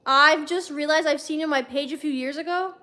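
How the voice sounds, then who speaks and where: A woman's voice: high voice, brisk, sharp tone. A young woman on a livestream reading fanfiction aloud, breaking off for wry, chatty comments to her viewers. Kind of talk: casual read-aloud with chat asides.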